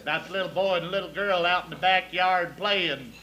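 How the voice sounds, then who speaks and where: A man's voice: sits high, a little fast, crowd noise. A man doing a crude stand-up routine, laughing at his own jokes before a live audience. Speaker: stand-up comedian.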